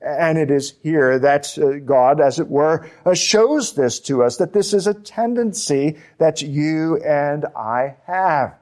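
A man preaching a sermon, slow and emphatic, with deliberate pauses on key words. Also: fairly high pitch, a little mellow. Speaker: pastor.

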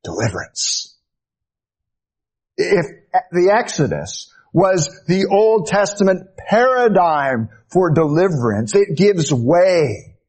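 A man preaching a sermon, slow and deliberate, rising to fervent emphasis and sinking to hushed, soft phrases. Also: fairly high pitch, slightly rough.

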